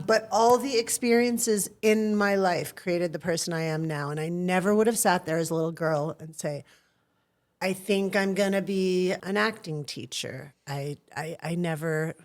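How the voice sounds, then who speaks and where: A woman's voice: fairly low pitch, moderate pace. Earnest woman telling personal stories. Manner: earnest and storytelling, acts out quoted voices. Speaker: guest, acting teacher. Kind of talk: reflective interview talk.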